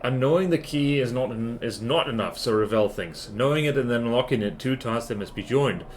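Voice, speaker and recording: A man's voice: medium pitch, lively intonation, a little fast, slight background noise, close to an everyday voice. A man voicing an ancient, cryptic hag in a put-on Scottish accent, speaking in riddles with twisted word order. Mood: secretive. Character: ancient cackling hag crone, cryptic and possessive.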